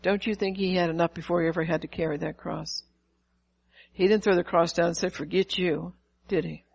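An older woman pastor preaching a sermon, lively, asking the congregation questions and acting out quotes. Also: lowish voice, brisk, gravelly, poor audio.

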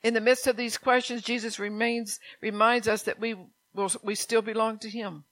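An older woman delivers a sermon in a loose, conversational manner, drifting into asides and then rising into impassioned spoken prayers. Her tone is bright and forward. The recording is dry, with no room sound. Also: a little high, flat delivery, moderate pace, no room sound. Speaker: preacher.

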